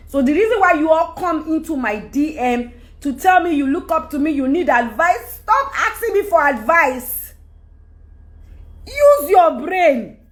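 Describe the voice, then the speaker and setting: Emphatic Nigerian woman, lively high voice. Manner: emphatic, rambling, switches into Yoruba. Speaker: celebrity speaking to followers. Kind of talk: candid monologue.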